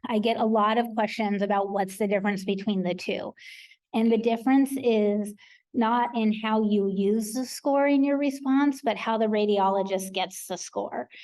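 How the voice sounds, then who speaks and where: American woman presenter, mellow voice, practical explainer at a conference talk. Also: medium pitch, steady tone, normal speed, poor audio. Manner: practical, explanatory, with frequent ums. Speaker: research coordinator presenter. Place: conference hall.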